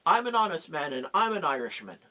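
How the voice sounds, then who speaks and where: A man's voice: fairly high pitch, sing-song, fairly quick, pushed and bright. A man voicing a proud young Irish hero who speaks in a raised, earnest, indignant way.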